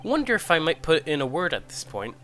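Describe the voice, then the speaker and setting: A man's voice: on the high side, very animated, brisk, sharp tone, faint music behind. A man voicing a blustering retired army officer who leads a jury, with hearty, clipped military chatter. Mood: jolly.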